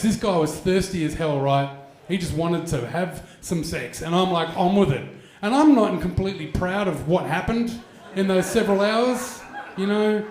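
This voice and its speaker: A man's voice: high voice, darkish tone, roomy sound. A man, doing stand-up comedy and telling a crude story with mock voices. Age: 40s. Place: stage in a venue with an audience.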